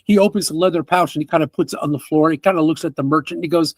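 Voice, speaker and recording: Male game master, lively tabletop narration, fairly high voice, dry close sound. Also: racing, hardly any pauses, dry recording. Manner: animated and laughing, with fillers.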